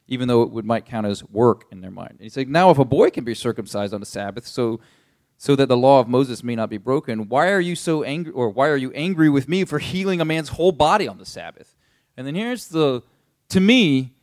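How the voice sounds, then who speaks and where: A man's voice: medium pitch, a little mellow. A young adult man pastor teaching a Bible passage in a casual, conversational way, paraphrasing with many fillers.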